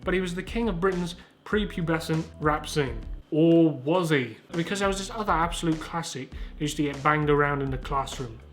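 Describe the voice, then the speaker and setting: A man's voice: on the high side, a little fast, few pauses, fairly bright tone, soft background music. Sweary young man with a Southern English accent. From Southern England. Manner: sweary, rambling, self-mocking. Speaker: YouTuber host. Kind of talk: casual comedic commentary.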